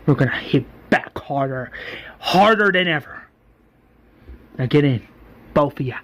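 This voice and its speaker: A ruthless, vengeful leader lays out his plans in a firm, determined voice, as a man voices him. The voice sits a little high for a man, and it stays steady and plotting. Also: measured pace, low-quality recording. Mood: scheming.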